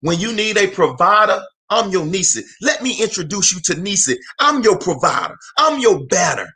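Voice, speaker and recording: A man's voice: high-pitched, big pitch swings, normal speed, sharp tone. A man from Alabama giving a preacher-style motivational talk, emphatic and repetitive, calling out to listeners by name. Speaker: motivational host.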